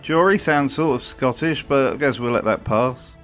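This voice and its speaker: A man's voice: mid-range voice, moderate pace, a bit bright, soft background music. A man narrating a comedic video essay with a wry, mocking tone and dry asides. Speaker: video commentator.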